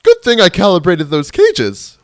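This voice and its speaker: Player doing a loud pompous robot queen, high, booming, swings all over. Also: huge pitch swings, unhurried. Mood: imperious. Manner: booming, theatrical, strained high. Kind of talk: voicing game dialogue.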